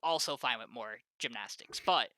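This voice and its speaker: A man's voice: medium pitch, moderate pace, bright, forceful tone, dry recording. A young man hosting a casual podcast chat, easygoing and steering the talk.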